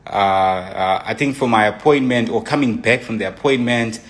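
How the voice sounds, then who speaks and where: Telling the boyfriend's side of a relationship story, this young man has a fairly low voice and a normal speed. His casual account wanders, with restarts and many "you know"s.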